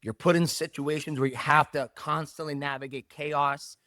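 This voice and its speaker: A middle-aged man, a jiu-jitsu academy owner, talking in a casual interview with emphatic, animated delivery and repeated key phrases. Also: a little high, normal speed, no room sound, studio quality.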